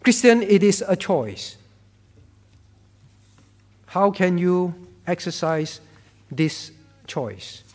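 A man with a high voice preaches a sermon in a church, with his words ringing out in a long hall reverb. He is emphatic, repeats his key words and swings from quiet, low lines to loud ones. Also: sing-song, extremely slow, long pauses. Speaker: pastor. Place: church sanctuary.

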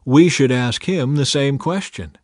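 An earnest, pious ancient king speaks up eagerly, as a man reads him. His voice is medium in pitch, and the sound is dry and close to the mic. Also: measured pace, dry recording, lightly acted.

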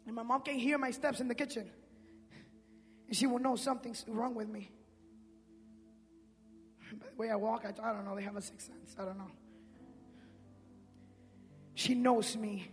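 Male preacher, high voice, slangy, loud-to-quiet swings, big church reverb. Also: fairly even intonation, moderate pace, pauses often. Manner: swings between shouting and hushed speech. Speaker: pastor. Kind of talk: sermon. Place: church sanctuary. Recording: reverberant hall with music.

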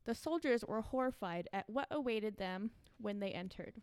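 A woman's voice: medium pitch, expressive, normal speed, darkish tone, clear, resonant tone, dry recording. A woman co-hosting a casual podcast, reading a creepy story aloud with fillers and frequent laughs.

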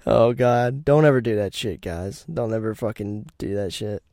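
Young man, blunt and crude, mellow tone, dry close recording. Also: medium pitch, slow, no echo. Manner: blunt, profane, laughs at own stories. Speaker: podcast host. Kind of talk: casual profane storytelling.

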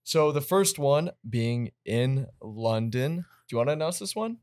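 A young man hosting a casual sports podcast, upbeat and quick to laugh. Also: mid-range voice, animated, darkish tone, dry recording. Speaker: podcast host.

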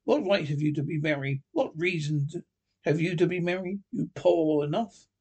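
A man reading as a husky, scornful old miser. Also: fairly high pitch, normal speed, a little mellow. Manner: curt, scornful.

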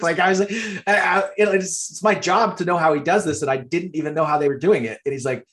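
A man's voice: a little high, fast, fairly bright tone. A man co-hosting a casual movie podcast, telling anecdotes in a laid-back way with casual swearing. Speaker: podcast co-host, filmmaker. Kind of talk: casual movie chat, storytelling.

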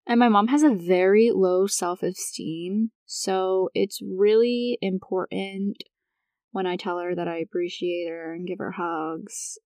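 A woman's voice: medium pitch, darkish tone, no echo. Chatty young woman hosting a podcast. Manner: chatty, laughs often, many fillers. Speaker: podcast host. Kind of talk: casual personal monologue.

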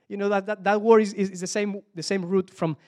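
A man's voice: sits high, fairly even intonation, a little fast, darkish tone. A man from Spain with a Spanish accent, preaching a sermon in English as a second language, often repeating words and searching aloud for the right English word.

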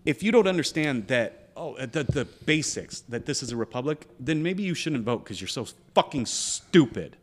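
Man, mid-pitched, casual podcast co-host; heated, profane rants delivered in conversational bursts. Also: lively intonation, normal speed, few pauses. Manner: parent of a school-age child. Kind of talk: casual opinionated chat.

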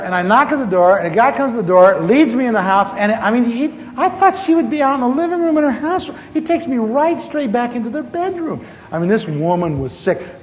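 A pastor with a high-pitched voice preaches in a self-mocking, humorous storytelling way. His voice rings out with a long reverb through a large hall. The recording is dull and lo-fi, with a faint hiss underneath. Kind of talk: storytelling sermon.

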